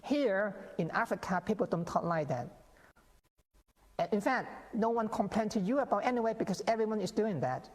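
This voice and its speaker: A man's voice: sits high, expressive, moderate pace. A male guest scholar explaining his views in a TV interview, with many restarts and acted-out quotes. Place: TV interview set. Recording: long reverb on the voice.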